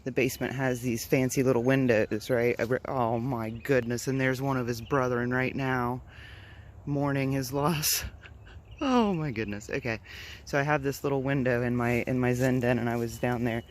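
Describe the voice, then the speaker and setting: A man's voice: mid-range voice, fairly even intonation, normal speed. Guy vlogging in his backyard, rambly and flustered, normal middle voice, a little outdoor hiss behind. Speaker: vlogger and backyard bird keeper. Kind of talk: casual vlog chat.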